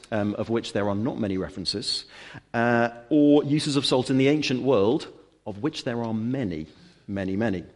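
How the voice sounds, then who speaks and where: A man delivers a church sermon in a mid-pitched voice, explaining scripture earnestly. He leans on rhetorical questions and emphatic repetition as he teaches. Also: a little mellow. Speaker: preacher.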